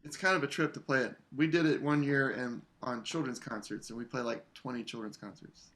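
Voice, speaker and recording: A man coaching an English horn player in a masterclass, relaxed, singing phrases to show the rhythm. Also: mid-range voice, fairly quick. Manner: relaxed, sings phrases to demonstrate. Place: online video masterclass.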